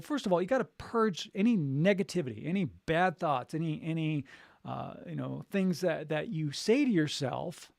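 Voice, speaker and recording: A man's voice: on the high side, a little mellow, dry recording, clean studio sound. Upbeat encouraging man coaching. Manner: upbeat, encouraging, repeats key phrases. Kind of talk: live motivational chat.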